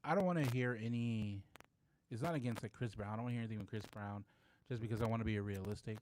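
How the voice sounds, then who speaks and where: Animated male podcast co-host. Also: lowish voice, quick pace, a little hiss or hum. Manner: animated, argumentative, interrupts. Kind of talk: casual debate chat.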